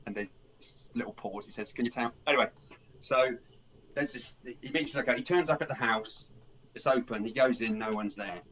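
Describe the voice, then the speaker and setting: A man's voice: medium pitch, normal speed, fairly bright tone, poor audio. A man hosting a film podcast, telling a plot in a rambling casual way, with many restarts and acted-out lines. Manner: rambling, restarts a lot, acts out characters' lines. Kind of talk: casual film review chat.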